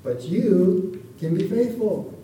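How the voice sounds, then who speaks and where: A man's voice: sits high, expressive, takes it slowly, mellow, a little hiss or hum. A man preaching a sermon in a conversational way, often asking the congregation for an amen. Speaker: pastor. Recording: echoey room, voice from far off the mic.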